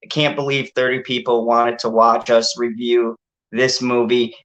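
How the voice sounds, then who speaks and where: Guy hosting a chill movie review stream, rambles a lot, lots of uhs, mid pitch. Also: little pitch movement, normal speed, fairly bright tone, dull audio. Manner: rambling, laughing, frequent fillers. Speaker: channel host. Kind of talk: casual movie review chat.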